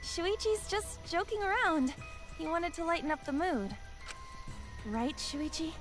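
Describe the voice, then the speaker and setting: An earnest teenage girl pianist in a video game, her voice high and lively with a lot of swing in it. She talks in a slow, deliberate way over game music playing behind her. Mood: playful, insistent. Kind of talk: English game dub.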